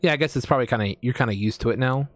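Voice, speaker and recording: A man's voice: mid-range voice, very fast, no room sound. American man, casual podcast host, rambling and profane, dry close-miked sound. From United States. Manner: rambling, swearing, many fillers and restarts. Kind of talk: casual chat.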